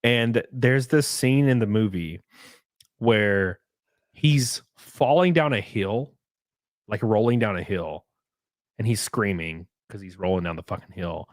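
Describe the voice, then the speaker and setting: A young man in casual podcast chat, rambling through a story with lots of likes and restarts and sudden bursts of excitement. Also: fairly low pitch, a little slow, dry recording, clean studio sound. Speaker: podcast guest.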